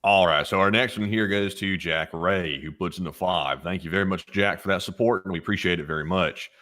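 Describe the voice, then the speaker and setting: An easygoing, plain-spoken man co-hosts a livestream and reads out viewer donations. His voice sits on the lower side, relaxed and conversational. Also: fairly quick. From Southern United States. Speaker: co-host reading donations. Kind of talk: casual livestream chat.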